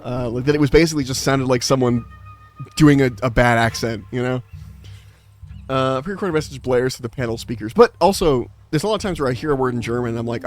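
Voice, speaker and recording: A male streamer talking to his chat at an ordinary middle pitch, wandering from point to point with plenty of fillers and restarts. He sounds easygoing and conversational, and faint music plays softly under his voice. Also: brisk. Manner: rambling, full of restarts and filler, laughs often. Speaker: game streamer. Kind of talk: casual chat with live viewers.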